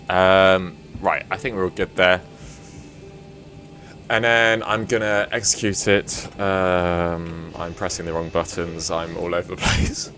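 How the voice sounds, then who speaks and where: Low-voiced British man streaming chat. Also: flat delivery, a little slow, fairly bright tone, slight background noise. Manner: rambling, self-deprecating, chatty asides. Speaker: flight sim live streamer. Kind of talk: casual live-stream chat.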